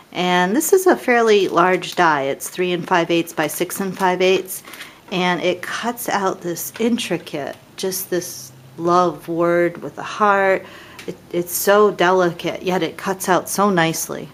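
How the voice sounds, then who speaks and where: A woman's voice: on the low side, a little hiss or hum. A middle-aged woman casually demonstrating papercraft dies, chatty and self-deprecating as she admires each piece.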